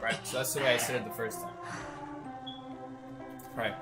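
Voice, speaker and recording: A young adult game streamer telling stories in casual chat, animated and often asking "right?". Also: mid-range voice, a little fast, pauses often, faint music behind. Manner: animated storyteller, tags lines with "right?". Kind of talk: casual chat while gaming.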